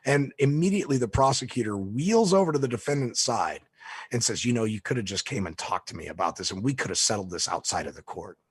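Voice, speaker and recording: A man's voice: on the low side, quick pace, slightly rough, no room sound. A man telling a story in a casual way, acting out the people he quotes as he goes. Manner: lively storyteller who acts out the people he quotes. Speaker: speaker recounting a court story.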